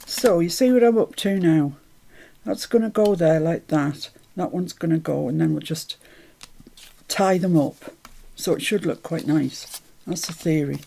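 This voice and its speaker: A woman hosts a relaxed crafting livestream in a gravelly, creaky voice. She murmurs her steps half to herself, then lifts her voice brightly to greet viewers in the chat. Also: sits low, unhurried, a little hiss or hum. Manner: chatty, greets viewers brightly, mutters to herself while working. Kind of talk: casual live chat while crafting.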